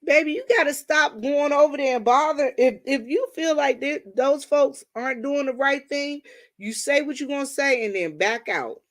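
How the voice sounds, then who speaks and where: A woman's voice: high voice, moderate pace. A woman from Washington, D.C. hosting a livestream, chatting casually with viewers and telling stories, calling them y'all. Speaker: livestream host.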